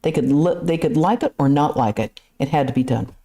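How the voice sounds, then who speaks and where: Speaking briskly in a low-pitched voice, a woman who is a nun delivers a conversational spiritual talk at a temple. Her storytelling is lively and sprinkled with casual asides.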